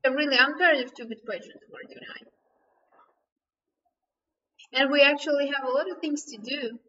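Woman, streamer host, casual teasing chat, bright tense tone, dull lo-fi sound. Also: high-pitched, normal speed.

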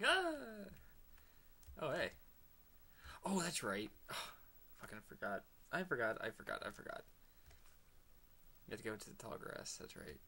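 A man giving excitable let's play commentary, laughing often and slipping into whispered asides. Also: medium pitch, breathy edge. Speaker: gamer.

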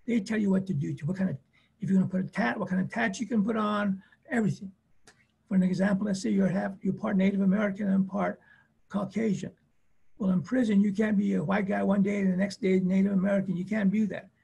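A therapist gives a webinar talk on family conflict, using plainspoken, emphatic, repetitive phrases, short stories and acted-out quotes. His voice sits high with fairly even intonation and a quick pace, creaky and darkish with a breathy edge.

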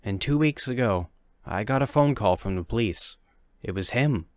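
A man with a low voice reads a first-person horror story in a calm, measured way. His delivery is steady and deliberate. The recording is dry, with no room sound. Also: no room sound. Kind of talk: scripted horror narration.

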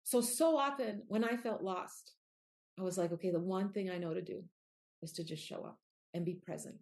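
A woman's voice: mid-range voice, normal speed, darkish tone. A middle-aged woman speaking as a guest in an interview, talking earnestly and from the heart. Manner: earnest, heartfelt, with quoted asides. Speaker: author and guest. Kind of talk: candid interview conversation.

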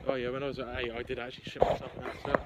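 A man's voice: medium pitch, little pitch movement, rapid-fire, heavy background noise. Joking young man outdoors. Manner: joking, playful. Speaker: vlogger's boyfriend. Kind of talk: casual banter. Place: outdoors on a walk.

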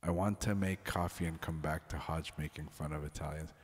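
A man's voice: a bass voice, steady tone, a little fast, long reverb tail. A man hosting a livestream, chatting casually with viewers, often laughing and apologizing as he rambles. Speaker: livestream host. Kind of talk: casual chat with stream viewers.

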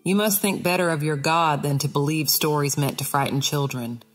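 A cunning male death adder, put on by a woman reading an audiobook, his words dripping with honey. He coaxes and teases in a low, sing-song voice. Soft music plays faintly underneath. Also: normal speed. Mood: coaxing. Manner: sweet, coaxing, sing-song. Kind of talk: audiobook character voice.

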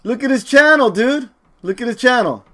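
High-voiced, bright young male streamer. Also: animated, normal speed. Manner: laid-back, talks to chat, says "dude" and "man" constantly. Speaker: game streamer. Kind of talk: casual live game stream commentary.

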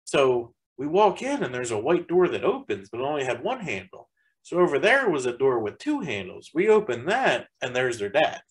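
A man's voice: mid-range voice, big pitch swings, moderate pace, poor audio. A man reviewing a haunted attraction in casual chat, rambling and packing his sentences with fillers. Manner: rambling, heavy use of "like" fillers.

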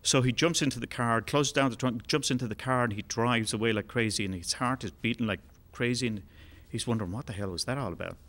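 A man telling a long joke to a concert audience. He rambles along in a relaxed way with fillers, at a middling pitch. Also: a little fast, hardly any pauses. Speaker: musician telling a joke on stage. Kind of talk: told joke, live storytelling. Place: concert hall.

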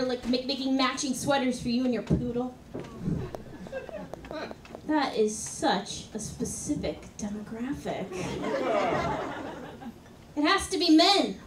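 A woman performing a stand-up comedy set on a club stage, delivering jokes deadpan with sudden loud outbursts. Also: high voice. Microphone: stage microphone. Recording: roomy club sound from a distance, audience and faint noise. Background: audience laughter.

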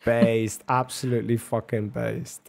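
A man's voice: medium pitch, level tone, unhurried, vocal fry. A man hosting a debate on a livestream, chatting casually with lots of swearing, laughter and rambling banter. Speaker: debate host.

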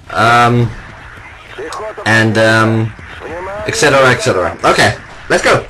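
A young man giving excitable, casual commentary while playing a shooter game, yelling and laughing often. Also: lowish voice, measured pace, pauses often. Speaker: gameplay commentator. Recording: noisy game sounds behind. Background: game vehicle and battle noise.

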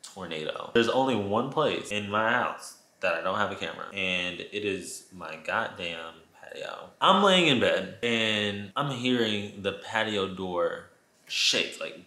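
Male vlogger, bright edgy voice, echoey room, dramatic profane storytime delivery. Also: fairly low pitch, a little slow. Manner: animated, profane, dramatic storytelling addressing viewers. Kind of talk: casual storytime vlog. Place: his apartment.

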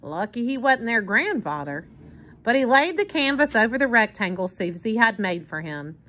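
A woman reading a children's book aloud in an expressive storytelling manner. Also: on the high side, normal speed. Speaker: narrator.

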